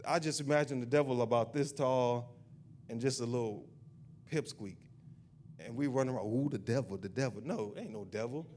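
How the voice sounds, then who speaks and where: A man's voice: medium pitch, normal speed, a little mellow, slight background noise. A male pastor preaching a sermon in a church. He repeats his point insistently and builds into a fervent prayer.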